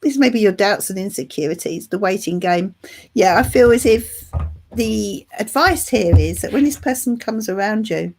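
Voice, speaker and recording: A middle-aged woman from England, recovering from flu, hosts her channel with a live tarot reading, calling viewers "love" and "darling" as she chats warmly. Her medium-pitched, darkish voice is animated and moves at a moderate pace.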